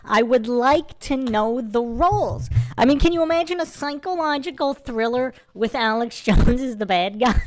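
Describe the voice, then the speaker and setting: A woman's voice: a little high, no room sound. A woman hosting a live Q&A stream, commenting in a casual, amused and mocking way. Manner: amused, mocking, laughing asides. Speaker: livestream host.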